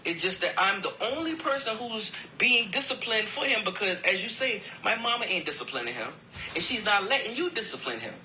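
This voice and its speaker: A man argues a family matter, his voice very bright and tense. He retells what happened with quoted back-and-forth, pressing his point. A faint hiss of background noise sits under the recording. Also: high-pitched, sing-song, brisk, rough recording. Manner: emphatic, retells events with quoted dialogue, voice climbing when upset. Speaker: podcast host. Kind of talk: heated personal argument, retelling a family dispute.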